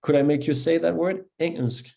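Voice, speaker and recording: A man with a Danish accent, a native Danish speaker, teaching pronunciation one-on-one, patient and encouraging as he slowly demonstrates each sound. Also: mid-range voice, warm tone. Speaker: language teacher.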